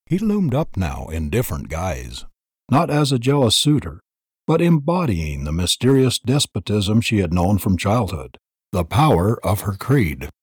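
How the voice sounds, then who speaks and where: A man reading an audiobook in a dramatic, expressive narration style. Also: lowish voice, unhurried, slightly rough, dry recording, studio quality.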